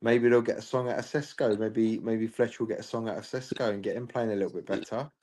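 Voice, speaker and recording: A man on a football podcast talking through his team's form in a relaxed, reflective way. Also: on the low side, quick pace. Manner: relaxed, reflective, listing results. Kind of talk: casual chat.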